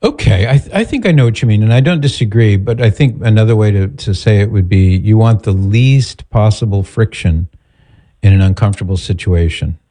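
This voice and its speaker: A male host giving direct, steady advice to a caller. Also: on the low side, a little fast. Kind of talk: advice talk show.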